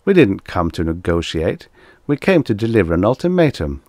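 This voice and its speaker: A man's voice: low-pitched, normal speed, no echo. A man doing a cool, bland diplomat. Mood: calm. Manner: bland, calm, dry. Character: cool, unflappable human male diplomat.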